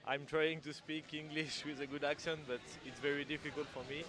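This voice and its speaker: A man with a French accent speaking halting, playful English in a street interview. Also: on the high side, flat delivery, music in the background.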